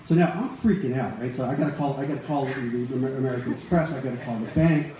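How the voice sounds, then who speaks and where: A man's voice: medium pitch, fast. A middle-aged man telling a personal story to a live audience in a conversational, rambling way, with many restarts and asides. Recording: very echoey room, faint ambient noise.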